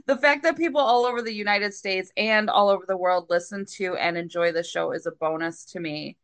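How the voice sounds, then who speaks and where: A woman's voice: mid-range voice, moderate pace. Giggly woman podcast co-host. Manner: giggly, breaks into laughter often. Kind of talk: casual podcast chat.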